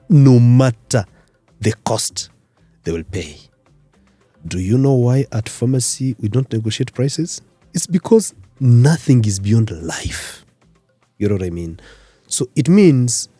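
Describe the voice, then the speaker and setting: A man from Rwanda, a career expert guest on a radio interview, explaining in numbered points with lively emphasis. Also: on the low side, slightly rough, dry recording. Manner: animated, lecturing in numbered points. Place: radio studio.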